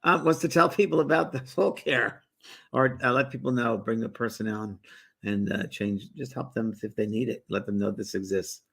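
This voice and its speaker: A middle-aged man hosting a spiritual livestream, chatting casually and greeting viewers in a relaxed, rambling way. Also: medium pitch, normal speed, creaky, husky. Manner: relaxed and rambling, with many fillers and restarts. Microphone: phone or webcam held by the speaker.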